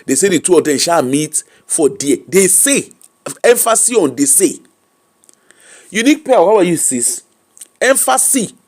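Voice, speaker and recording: Animated high-voiced Nigerian man. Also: normal speed. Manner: animated, laughs often, thanks viewers by name. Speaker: host. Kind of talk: gossip commentary livestream.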